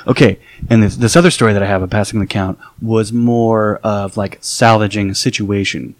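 A man guest telling casual, animated stories, often restarting and repeating words. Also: on the low side, normal speed, no room sound. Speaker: guest card counter. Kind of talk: casual storytelling.

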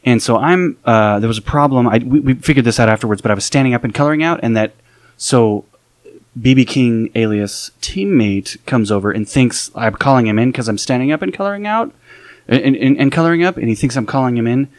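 A man recounting casino stories in an animated, rambling way, stumbling and repeating himself as he goes. His voice sits in an ordinary middle range and sounds close and dry, with no room around it. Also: mid-range voice, a little fast, no echo. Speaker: guest card counter. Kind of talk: casual storytelling.

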